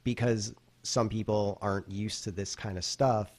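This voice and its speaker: A man's voice: fairly low pitch, steady tone, normal speed, a little mellow. A man co-hosting a podcast, chiming in casually and matter-of-factly correcting his partner. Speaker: podcast co-host. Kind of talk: casual chat.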